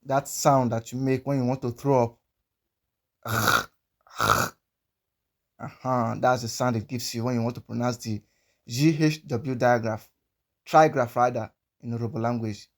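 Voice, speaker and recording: A man's voice: medium pitch, fairly even intonation, moderate pace, darkish tone. A man from Nigeria teaching pronunciation, patiently explaining and repeating example words over and over. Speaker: language teacher.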